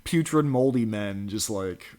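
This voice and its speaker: A man's voice: fairly low pitch, expressive, a little slow, a little mellow. A man giving a crude, mocking reaction commentary, ranting with profanity and scoffing laughs. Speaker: political commentary vlogger.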